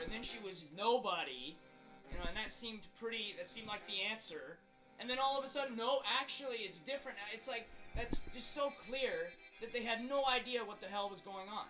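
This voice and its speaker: With a high-pitched but natural-sounding voice, the video creator acts out an exaggerated angry version of himself, a hot-tempered young man. The comedic rant is exasperated and full of rhetorical questions, and the recording is low quality.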